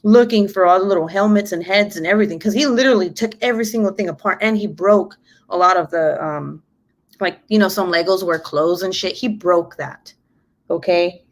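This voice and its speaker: Animated swearing mom telling a story. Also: female voice, fairly low pitch, brisk. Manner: animated, swears freely, acts out quotes. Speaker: mom vlogger. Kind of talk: casual storytelling chat.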